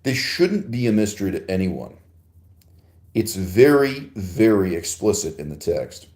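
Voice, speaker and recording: A man's voice: on the low side, big pitch swings, measured pace, a little mellow, echoey room. A man hosting a podcast, answering a listener's email in a digressive, emphatic philosophical monologue with frequent laughs and rhetorical asides.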